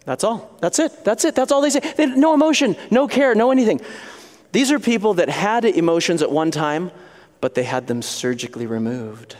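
Animated preacher in an echoing hall. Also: male voice, sits high, fairly quick. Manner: animated, acts out little voices and scenes. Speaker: pastor. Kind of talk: sermon.

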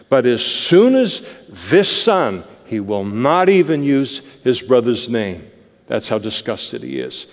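A man's voice: mid-range voice, sing-song, slow, a little mellow, long reverb tail. A male preacher explaining a Bible passage verse by verse in a conversational, explanatory manner. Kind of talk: verse-by-verse sermon.

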